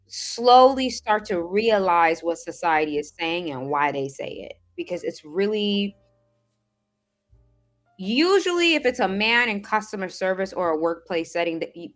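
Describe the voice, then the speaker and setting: Woman vlogging a story, lively and indignant, mid pitch, faint music under it. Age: adult, has seen the same doctor since age sixteen. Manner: animated, quotes others in a mimicking voice, emphatic and indignant. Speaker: self-improvement vlogger. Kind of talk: casual storytelling monologue.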